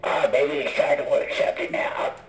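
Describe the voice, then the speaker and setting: A man's voice: fairly high pitch, little pitch movement, moderate pace, echoey room. A man co-hosting a podcast who drops in short, teasing remarks during casual banter. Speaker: podcast co-host.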